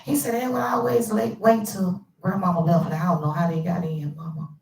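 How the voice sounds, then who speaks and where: A woman host tells a personal family story to her viewers, quoting relatives and dropping to hushed asides. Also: steady tone, fairly quick, vocal fry, far from the mic, slight background noise. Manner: quotes family members with shifts in pitch and hushed asides. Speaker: channel host. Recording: echoey room, voice a bit off-mic.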